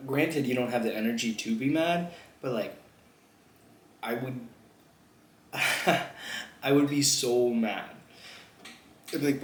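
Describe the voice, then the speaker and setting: During his mukbang vlog, a young man keeps up loose chatter between bites, with frequent laughter and swearing. He talks slowly with a medium, expressive voice and pauses often, in an echoey space with faint background noise.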